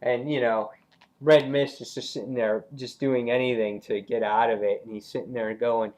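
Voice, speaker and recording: A man casually reviewing a comic book, retelling the story with excitement and acting out the characters' lines in a raised voice. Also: mid-range voice, normal speed.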